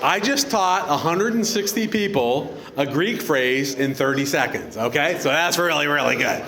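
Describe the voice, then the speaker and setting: A man's voice: on the high side, moderate pace, noisy background. A middle-aged man, father of the bride, giving a joking wedding reception speech and teaching the guests a greeting. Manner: lively, teaching the crowd a Greek greeting, joking. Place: outdoor wedding reception venue.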